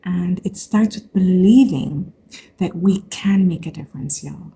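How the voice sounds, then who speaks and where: A woman's voice: fairly low pitch, a little slow, vocal fry, warm tone, slight background noise. A woman hosting a spiritual talk, speaking earnestly and preachily to her listeners, calling them y'all. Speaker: spiritual podcast host.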